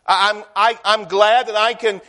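A man's voice: sits high, flat delivery, moderate pace, bright, forceful tone. A man preaching a sermon, emphatic, swelling and then dropping his voice, repeating phrases as he builds.

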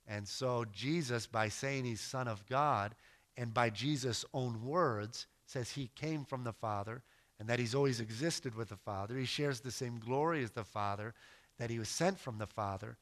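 A man living in West Africa preaches as a missionary, giving an earnest teaching sermon full of emphasis and storytelling. His voice sits at medium pitch with a slightly bright quality.

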